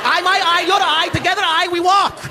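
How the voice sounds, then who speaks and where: A man's voice: a little fast, background noise. A man voicing his blunt, bossy father in broken English during a stand-up bit. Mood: bossy, insistent. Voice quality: broken English, high excited voice. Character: man's tough immigrant father, blunt and bossy. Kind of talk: stand-up act-out.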